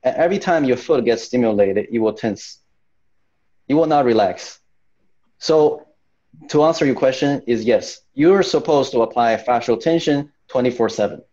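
Mellow-voiced man coaching over a video call. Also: mid-range voice, normal speed, highs cut off. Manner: earnest, repeats words while finding phrasing. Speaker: fascia training coach, guest. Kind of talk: explanatory interview answer.

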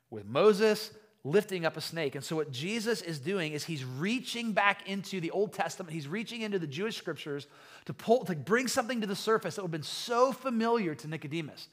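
A man preaching a conversational sermon as pastor, retelling a story in an animated way with frequent restarts. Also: sits high, moderate pace.

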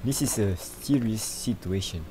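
A young man commentating a horror game, with loud panicky outbursts, swearing and laughter. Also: lowish voice, a little slow. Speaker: gamer. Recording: game music behind.

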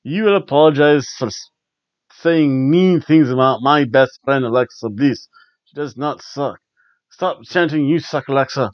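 A man's voice: mid-range voice, unhurried, no room sound, lightly acted. A man voicing a woman wrestler who scolds a crowd on the mic, attempting a Scottish accent badly. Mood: scolding. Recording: dull lo-fi dry recording.

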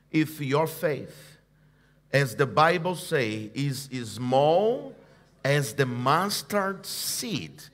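A man's voice: high-pitched, a bit bright. A male pastor preaching a sermon, leading his congregation in call-and-response and hammering points with emphatic repetition. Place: church service.

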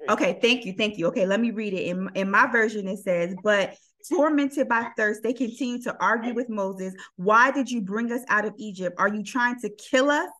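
A woman's voice: mid-range voice, normal speed. A woman leading a casual Bible study, reading verses aloud and calling on the group to help. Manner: animated, reading scripture aloud and asking the group.

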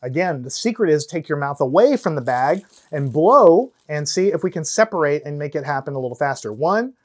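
A man's voice: fairly high pitch, expressive, a little fast. A man teaching physics, explaining hands-on demonstrations step by step and counting down before each one. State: out of breath at times from blowing. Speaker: science teacher.

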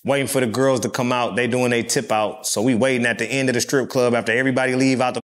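A middle-aged man from California settles into a long, rambling story as an interview guest. His talk is loose and profane, full of street slang and fillers, and his voice sits at an ordinary, middle pitch for a man. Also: steady tone, fast talker.

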